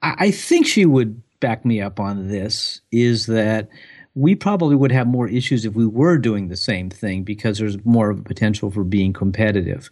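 A man, a photographer, answering interview questions in a relaxed, thoughtful way, laughing easily. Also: on the low side, moderate pace. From United States.

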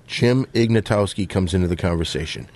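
A man's voice: low-pitched, fairly quick, a little mellow. A man hosting a comedy podcast, bossy and exasperated in bickering banter.

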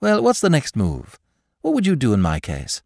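A man voicing a flippant, theatrical aristocratic gentleman detective in a storybook reading. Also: medium pitch, huge pitch swings, normal speed, creaky, no room sound, clean studio sound, heavily acted. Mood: breezy. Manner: breezy, theatrical, whimsical. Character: flippant aristocratic young male sleuth.

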